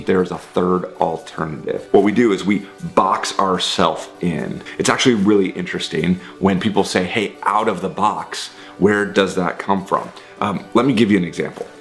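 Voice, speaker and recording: A man hosting a vlog, giving a motivational talk to camera and explaining his ideas with examples, sometimes speeding up and sometimes slowing down. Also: sits low, vocal fry. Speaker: vlog host.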